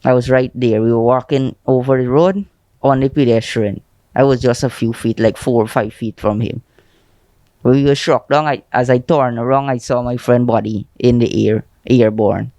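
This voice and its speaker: A man with a Guyanese accent, an eyewitness telling a reporter how his friend was struck, shaken and halting. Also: medium pitch, fairly even intonation, mellow, no room sound. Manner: shaken, halting, repeating himself. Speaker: eyewitness interviewed. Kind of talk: news interview.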